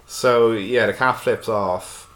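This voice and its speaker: A male podcast host chatting at a friend's home table, playful and quick to laugh at himself. His voice sits on the low side, with faint hiss behind it. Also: steady tone, fairly bright tone. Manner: playful, giggly, self-mocking. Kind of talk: casual comedy chat.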